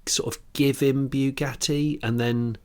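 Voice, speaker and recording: Man, podcast co-host, animated, playful, casual chat. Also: medium pitch, measured pace. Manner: animated, playful, laughs often.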